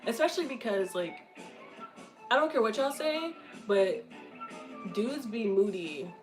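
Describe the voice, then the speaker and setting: A woman's voice: a little high, big pitch swings, a little slow, faint music behind, poor audio. A woman in her twenties chatting casually and candidly, blunt and profane, laughing often. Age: 20s. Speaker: content creator answering questions.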